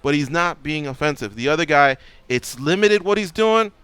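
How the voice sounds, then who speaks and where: Man, radio host, smooth resonant voice, dry studio sound, emphatic. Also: a little high, normal speed, no echo. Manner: animated, emphatic explaining. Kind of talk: sports radio talk.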